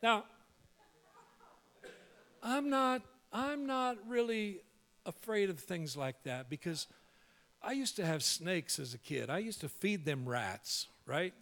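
A male pastor telling a humorous story in a sermon, animated and full of quick restarts. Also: sits high.

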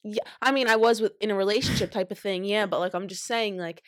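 A young woman talking fast and loosely in a casual chat, her speech full of fillers and quick laughs. The sound is dry and close, with no room behind her. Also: mid-range voice, no echo. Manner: chatty, laughs often, many likes. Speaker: guest.

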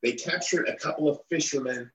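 A man's voice: a little high, a little fast, fairly bright tone, echoey room, rough recording. A middle-aged man, a guest in an interview, telling a long story and acting out the people he quotes.

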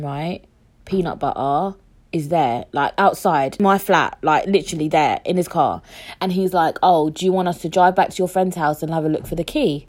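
A young woman telling a casual story, animated and sweary, acting out what people said. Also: low-pitched.

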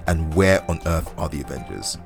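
A man's voice: very deep voice, very animated, moderate pace, creaky, music in the background, voice pushed down, full character voice. Anchor: man doing a stiff evening newsreader. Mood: formal. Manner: formal, projected newsreader delivery. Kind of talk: comedy news sketch.

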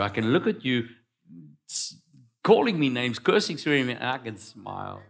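A man preaching a sermon, swinging between loud declarations and quiet asides. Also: medium pitch, big pitch swings, moderate pace, gravelly. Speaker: pastor.

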